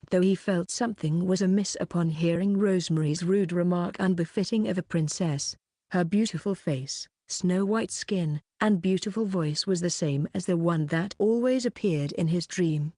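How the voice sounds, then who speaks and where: Brief: woman narrator, low mellow voice, steady read, dry close sound. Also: moderate pace, no echo. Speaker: audiobook narrator. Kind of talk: scripted audiobook narration.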